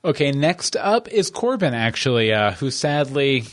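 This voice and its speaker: A man co-hosting a podcast, chatting casually and enthusiastically about TV episodes with quick asides. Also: mid-range voice, big pitch swings. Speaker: podcast co-host. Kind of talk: casual chat reviewing TV episodes.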